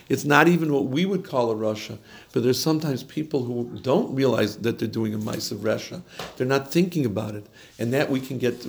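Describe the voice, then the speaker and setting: Man with a gravelly voice teaching. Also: medium pitch. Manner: chatty, digressive, with chuckles. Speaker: Torah class teacher. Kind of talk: informal Torah class.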